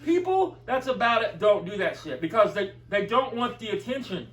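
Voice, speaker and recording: A man's voice: sits high, sing-song, normal speed, a bit bright, roomy sound, distant mic, rough recording. A man telling a heated, profane story in casual chat, recorded away from the mic in a room. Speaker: video commentator.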